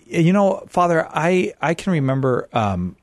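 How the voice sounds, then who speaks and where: A man's voice: fairly high pitch, big pitch swings, measured pace, no echo. Male radio host, close studio mic, friendly with lots of fillers, dry sound. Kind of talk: hosting a call-in show.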